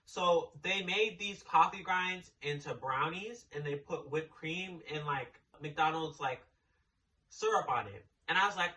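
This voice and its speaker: A man's voice: fairly high pitch, unhurried, pushed and bright, distant mic, dull audio. A young man telling a storytime in a blunt, sassy way, swearing freely. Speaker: storytime vlogger. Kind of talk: casual storytime.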